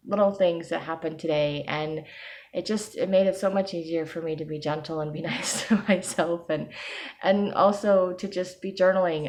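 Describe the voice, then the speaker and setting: A woman with a low-pitched voice talks in a personal vlog diary. She speaks softly and hesitantly, with many pauses and ums. She breaks into small laughs often as she goes. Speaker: personal video diarist.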